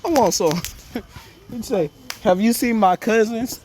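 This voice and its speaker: A man's voice: sits high, slow pace, darkish tone. Man, improvised comic storytelling, rambling, faint background hiss. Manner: rambling, joking, acts out dialogue with stammers.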